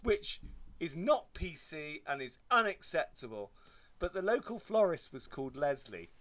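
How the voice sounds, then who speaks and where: Lively joking English man telling stories. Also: on the high side, moderate pace. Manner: animated, jokey, mimics shrieks. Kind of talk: casual storytelling chat.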